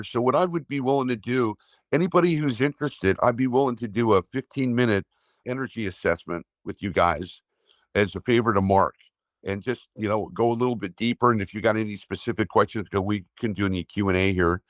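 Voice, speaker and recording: A man, an energy healer, calmly guiding a breathing exercise and explaining it in a slow, steady way. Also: lowish voice, dry recording, studio quality. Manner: slow, calm guiding with drawn-out pauses. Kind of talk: guided breathing instruction and talk.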